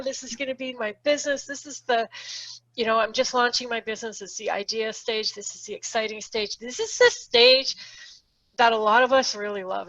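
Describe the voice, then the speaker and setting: High-voiced woman co-host explaining, lo-fi. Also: a bit bright, dry recording. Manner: thinking aloud with many ums, acting out quoted thoughts. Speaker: podcast co-host. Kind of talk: casual explanatory chat.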